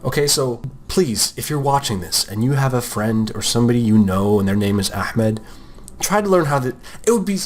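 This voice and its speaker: A young American man in a loose, rambling art talk, cracking jokes and putting on silly voices for the people he quotes. His voice sits at an ordinary middle pitch, and faint music plays underneath. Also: lively intonation, moderate pace. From United States. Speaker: art podcast host. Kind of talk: casual talk while drawing.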